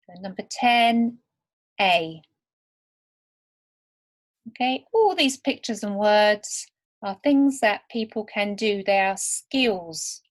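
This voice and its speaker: Very slow, deliberate woman teacher. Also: medium pitch, lively intonation. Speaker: English teacher. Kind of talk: slow, clear lesson for beginner learners.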